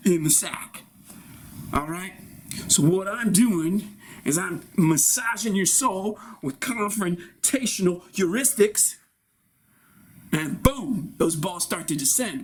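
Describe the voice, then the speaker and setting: Man acting crude macho barbershop regular, bossy lecturing, high voice, faint hiss. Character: brash swaggering male barbershop regular, crude. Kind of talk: improvised comedy scene.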